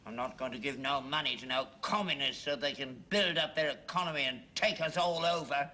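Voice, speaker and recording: Cranky old dad, sharp bright voice, bit high, grumbles n digs his heels in. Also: brisk. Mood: indignant. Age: older. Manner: grumbling, indignant, stubborn. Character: grumpy stubborn old London father, cantankerous. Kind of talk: sitcom acting.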